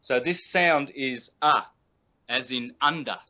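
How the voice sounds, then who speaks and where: A man explains things patiently as a guest teacher, stretching out sounds to demonstrate them. His voice sits at a middling pitch. It comes through a dull, lo-fi internet call line. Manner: patient and instructive, drawn-out demonstrated vowel sounds. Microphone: video call.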